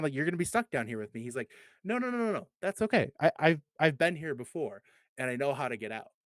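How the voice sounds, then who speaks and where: Earnest man in his thirties, halting. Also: medium pitch, dry recording. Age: 30s. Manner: halting, repeats words, earnest and heartfelt. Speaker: community advocate guest. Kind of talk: casual podcast chat, personal storytelling.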